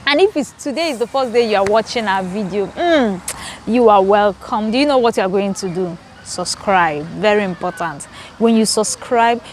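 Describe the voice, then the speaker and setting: A woman's voice: on the high side, slight background noise. A woman, hosting her own vlog and chatting to viewers in a garden, repeating words as she talks. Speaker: channel host. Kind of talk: casual storytelling vlog. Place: outdoors in a garden.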